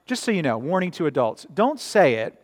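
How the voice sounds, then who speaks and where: A man's voice: a little high, big pitch swings, a little fast. A man preaching a sermon in a church, conversational and often tossing in "right?" to the congregation. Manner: conversational, frequent "right?" asides. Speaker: pastor. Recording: reverberant church sanctuary.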